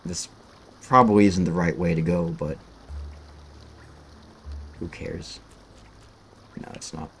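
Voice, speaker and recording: A man's voice: low-pitched, steady tone, slow pace, gravelly, pauses often, a bit bright, faint music behind. A man giving rambling, casual gameplay commentary, cursing freely as he plays. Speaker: streamer.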